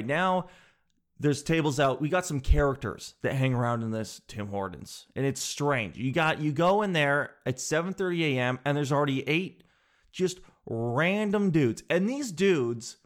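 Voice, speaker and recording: A man telling a comic story in an animated, exasperated, sarcastic way. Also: fairly high pitch.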